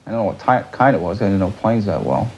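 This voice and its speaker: Man, husky, rambling with many fillers, recalling events. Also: on the low side, darkish tone, low-quality recording. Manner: halting, lots of "you know". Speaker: interviewee. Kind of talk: casual interview recollection.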